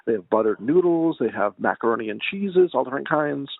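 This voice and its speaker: Mumbly guy on a podcast, bit nasal, kinda husky, swears a lot, sounds like he's on a phone line. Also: mid-range voice, expressive, brisk, no echo. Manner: swears freely, laughs at himself. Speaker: podcast co-host. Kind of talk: casual chat. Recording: tinny phone-like call audio.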